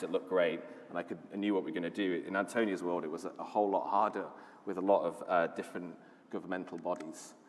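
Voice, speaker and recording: Low-voiced british guy giving a conference talk, chatty and keen, reverb from the hall. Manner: enthusiastic storytelling, conversational with fillers. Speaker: conference speaker, lead designer.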